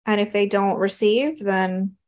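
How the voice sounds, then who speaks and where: A woman's voice: mid-range voice, unhurried, a little mellow. A woman from the American South talking through her thoughts in a conversation, thoughtful and hesitant with many fillers. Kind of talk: casual reflective conversation.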